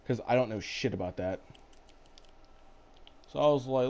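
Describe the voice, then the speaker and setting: A man chatting over his gameplay in a relaxed, rambling way, cursing offhandedly. His voice is dark and mellow, sitting at an ordinary middle pitch. It has the easy tone of someone talking with a friend while playing. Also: brisk, gravelly, slight background noise. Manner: laid-back, rambling, swears casually. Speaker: gaming channel host. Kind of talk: casual gameplay chat.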